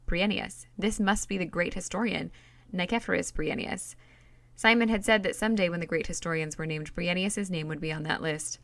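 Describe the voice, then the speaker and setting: Woman narrator for a read-aloud novel; steady plain delivery, low and gravelly. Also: normal speed, no echo. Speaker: reader.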